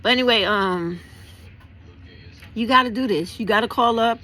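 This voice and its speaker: A woman's voice: on the high side, moderate pace, pushed and bright. A woman talking bluntly and passionately to her viewers, swearing freely as she explains civic action. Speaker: vlogger. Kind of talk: casual political talk to camera.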